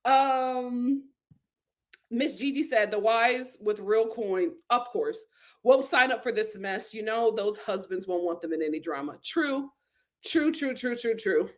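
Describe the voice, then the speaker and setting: A woman hosting a casual live stream, reading viewer comments aloud, laughing often and breaking into loud exclamations. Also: on the high side, a little slow.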